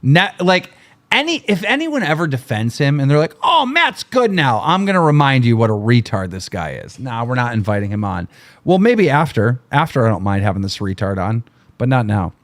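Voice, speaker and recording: Guy ranting on his stream, swearing a lot, pitch jumping all over. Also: big pitch swings, brisk. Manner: angry, profane, mocking. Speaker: livestream host. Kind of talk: ranting livestream commentary.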